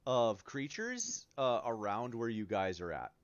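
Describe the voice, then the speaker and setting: A man narrates as game master of an online tabletop game, pausing often and restarting his sentences. His voice rises and falls a lot. The sound is dry and slightly muffled. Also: mid-range voice, wildly swooping pitch, no room sound. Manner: hesitant, many fillers and restarts. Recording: dry lo-fi mic.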